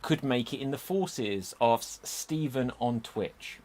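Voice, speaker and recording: A man hosting an improvised murder-mystery show, reading audience questions in a brisk, self-mocking way. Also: medium pitch, a little mellow. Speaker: show host.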